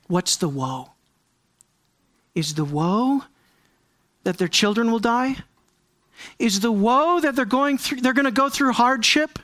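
A pastor preaching a sermon, firing rhetorical questions at the listeners and swinging from raised, high-pitched emphasis down to hushed, near-whispered lines. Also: lively intonation, slow, long pauses, dry recording. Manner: fires rhetorical questions at the congregation.

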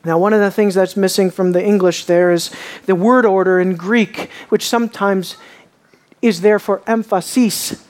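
A man preaching a sermon, asking his listeners questions and dropping low and quiet on key lines. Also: steady tone, moderate pace. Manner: asks the audience questions.

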